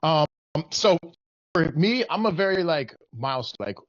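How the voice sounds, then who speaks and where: A man's voice: fairly high pitch, sing-song, normal speed, no room sound. A man in a casual trading livestream, walking through his chart loosely and swearing now and then. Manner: loose, swears freely, thinks aloud. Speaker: day trader sharing his chart. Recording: dull lo-fi dry call audio.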